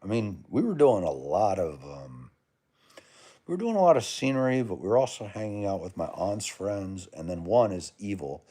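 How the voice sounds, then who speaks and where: A chummy American man with a lowish voice, talking casually on a livestream and answering viewers. His pitch jumps around a lot as he rambles, calling people brother and man. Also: big pitch swings, normal speed, mellow, breathy edge. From United States. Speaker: livestream host. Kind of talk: casual live chat reading comments.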